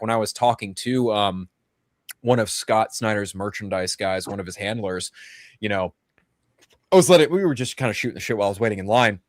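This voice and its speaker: Low-voiced man rambling excitedly. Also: dry recording, studio quality. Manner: excited, rambling with restarts and swearing. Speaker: podcast host. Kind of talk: casual livestream chat.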